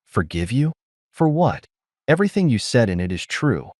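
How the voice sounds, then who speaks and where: A man's voice: medium pitch, big pitch swings, normal speed, darkish tone, dry recording, studio quality. A man reading an audiobook, voicing an earnest, plain-spoken young woman who is a college student. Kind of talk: audiobook character voice.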